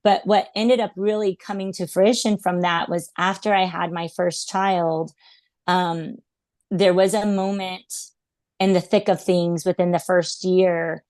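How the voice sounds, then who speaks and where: A woman's voice: lowish voice, steady tone, measured pace, a little mellow, no room sound. A woman in her thirties, a podcast guest, telling personal stories in an earnest, reflective way, with lots of "um" and "like" fillers. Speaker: podcast guest, animal intuitive. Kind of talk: casual storytelling interview.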